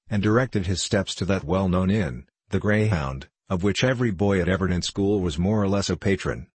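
A man narrating a classic novel in a measured literary reading. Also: deep voice, breathy edge, no room sound. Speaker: audiobook narrator. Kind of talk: scripted narration.

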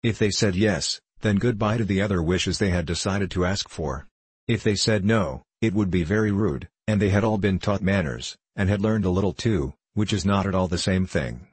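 A man reading a children's storybook aloud in an even, measured way. His voice sits very low with a husky grain, recorded close and dry with no room sound. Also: dry recording. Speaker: audiobook narrator. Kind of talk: storybook narration.

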